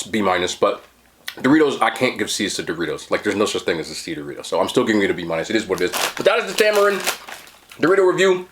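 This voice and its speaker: A man's voice: mid-range voice, fairly bright tone. A man in his thirties hosting a mukbang, chatting casually to viewers while he eats. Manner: chatty, upbeat, addresses viewers directly. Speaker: mukbang host. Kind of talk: casual chat to camera while eating.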